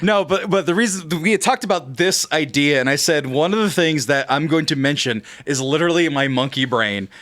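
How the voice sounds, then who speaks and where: A man's voice: fairly high pitch, a little fast, few pauses, a bit bright. A man co-hosting a casual podcast, talking animatedly, laughing often and swearing casually. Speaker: co-host.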